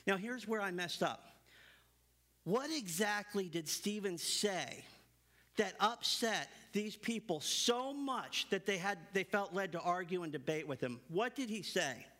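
A man preaching a sermon, reading scripture aloud and then stressing his points with building emphasis. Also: measured pace. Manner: emphatic, builds to animated high-pitched stresses; reads scripture aloud between remarks.

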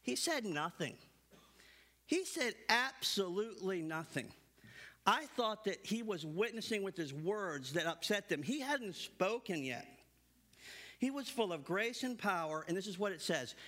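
A man preaching a sermon, reading scripture aloud and then stressing his points with building emphasis. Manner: emphatic, builds to animated high-pitched stresses; reads scripture aloud between remarks.

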